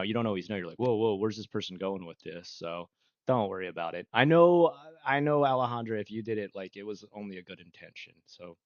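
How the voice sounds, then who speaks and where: This livestreamer chats casually with his viewers, rambling and laughing often. His voice sits on the low side, and the recording is dry and muffled.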